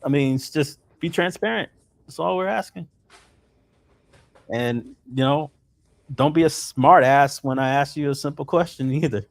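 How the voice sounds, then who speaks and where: A man's voice: a little high, moderate pace, vocal fry, long pauses, no room sound. A man hosting a casual livestream, venting with profanity and frequent laughter. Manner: frustrated, profane, laughing between complaints. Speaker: stream host.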